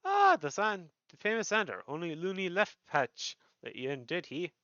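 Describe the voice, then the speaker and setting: A man's voice: sits high, huge pitch swings, normal speed, sharp tone, no room sound, muffled recording, pitched above the performer's own voice, full character voice. A man playing a jovial rogue guild master. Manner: cheery thieves' slang.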